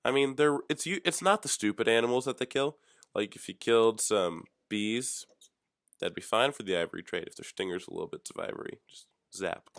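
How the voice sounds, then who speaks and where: A young man hosting a solo talk show, rambling through offhand, deadpan, jokey musings. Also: mid-range voice, brisk, gravelly, no room sound, clean studio sound. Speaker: podcast host.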